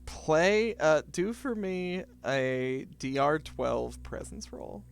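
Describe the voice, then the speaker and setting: A man running a tabletop game as game master, narrating scenes in an unhurried, descriptive way with fillers. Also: on the high side, animated, creaky, smooth.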